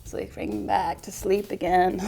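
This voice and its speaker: A woman's voice: medium pitch, flat delivery, normal speed, creaky, dark tone, slightly rough. A woman leading a yoga class, chatting and joking playfully as she guides the poses. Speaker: yoga instructor.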